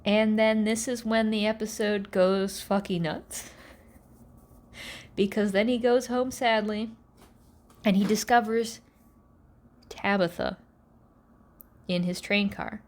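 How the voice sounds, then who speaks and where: Recapping episodes on her podcast, this female host tells the story sarcastically and with animation, slipping into mock character voices. She speaks in a mid-range voice, slowly, with long pauses.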